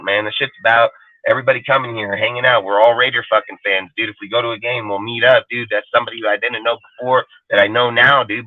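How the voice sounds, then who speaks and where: A man's voice: medium pitch, no room sound. Profane ranting man on a tinny line. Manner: profane, blunt and emphatic. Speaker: fan show panelist. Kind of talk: heated live-stream rant. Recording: phone-quality line, dry sound.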